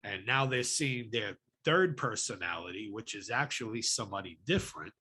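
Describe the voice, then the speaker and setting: A man's voice: fairly low pitch, expressive, normal speed, sharp tone, slightly rough. A man hosting a podcast in casual chat, swearing freely and ranting heatedly. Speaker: podcast host.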